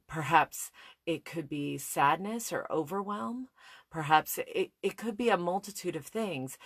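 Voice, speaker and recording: A woman in her thirties with a low voice shares a personal story in a reflective, candid way. She often restarts her sentences mid-thought. The recording is dry and close, with no room sound. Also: dry recording. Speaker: speaker on listening skills.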